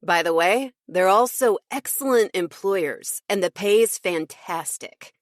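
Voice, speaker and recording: A woman's voice: medium pitch, lively intonation, takes it slowly, no room sound, studio quality. A woman narrator voicing a jovial, chatty man, a friendly wedding photographer.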